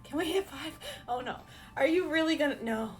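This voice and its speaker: A woman live streamer chatting casually with her viewers while beading, excitable and laughing often. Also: sits high, fairly quick. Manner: giggly, excitable, frequently laughing.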